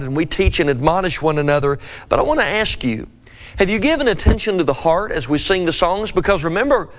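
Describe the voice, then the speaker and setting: Earnest higher-voiced male preacher. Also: fairly bright tone. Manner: earnest, rhetorical questioning. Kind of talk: scripture devotional teaching.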